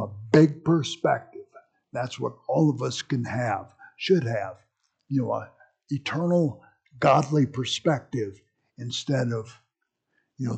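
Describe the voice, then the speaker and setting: A man's voice: mid-range voice, creaky, a little mellow, breathy edge. A man leading a Bible study in a folksy, rambling way, with joking asides.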